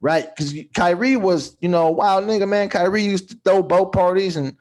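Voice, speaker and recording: A man from Texas co-hosting a comedy podcast, musing thoughtfully with halting restarts. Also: sits high, a little mellow. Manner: thoughtful, hesitant restarts, breaks into quoted voices. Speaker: podcast co-host. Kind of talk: casual comedic chat.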